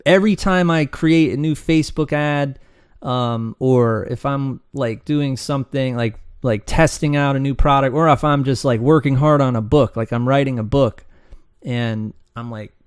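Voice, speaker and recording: A man's voice: mid-range voice, normal speed, clear, resonant tone, no room sound, clean studio sound. A man teaching how to start an online business in a loose, rambling way, acting out his students' complaints. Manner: rambling, animated, acts out students' voices. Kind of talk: casual screen-share teaching.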